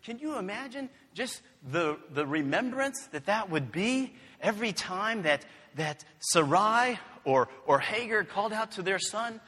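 A male pastor preaching slowly and earnestly in a bright, fairly high voice. He talks in a chatty way and weaves in stories from home. A long hall reverb trails every phrase. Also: expressive. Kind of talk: sermon.

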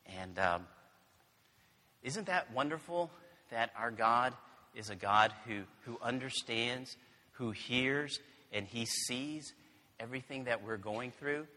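Slow-talking preacher in an echoing hall. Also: male voice, mid-range voice, sharp tone. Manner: earnest, conversational preaching with family stories. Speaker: pastor. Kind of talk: sermon.

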